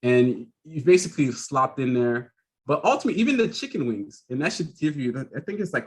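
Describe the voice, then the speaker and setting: A man hosting a podcast in casual chat, telling animated stories, laughing often mid-sentence and acting out other people's voices. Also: medium pitch, quick pace, husky. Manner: animated storyteller who acts out quoted voices. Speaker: podcast host.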